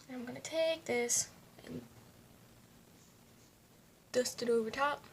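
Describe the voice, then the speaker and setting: A woman's voice: sits high, slow pace, slight background noise. A woman talking casually through a makeup tutorial at home, chatting to herself as she works. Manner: chatty, talks to herself while applying makeup. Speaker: beauty vlogger. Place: home, indoors.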